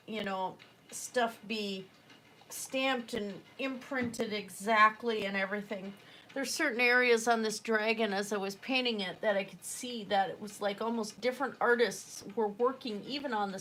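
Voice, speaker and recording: A woman's voice: a little high, steady tone, measured pace, fairly bright tone, a little hiss or hum. Chatty woman painting while she talks. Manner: chatty and rambling, with frequent fillers and self-corrections. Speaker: artist livestreaming a painting session. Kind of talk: casual chat while painting.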